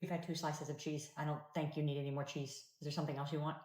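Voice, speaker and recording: A woman talking calmly and patiently as a parent, mixing dry humor into everyday parenting skits and advice. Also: low voice, quick pace. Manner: calm, patient, dryly wry. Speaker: parent content creator.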